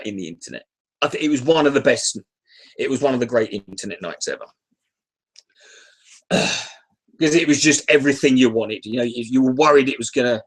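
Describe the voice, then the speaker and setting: Man, irritable profane livestream rant, swoops up and down in pitch, sighs and restarts. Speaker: YouTuber ranting on a live stream.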